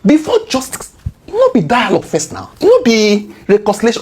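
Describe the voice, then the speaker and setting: A woman's voice: fairly high pitch, wildly swooping pitch, fast talker, darkish tone, breathy edge. A woman with a Nigerian accent mixing in Pidgin, giving impassioned political commentary full of indignant rhetorical questions and repeated key words.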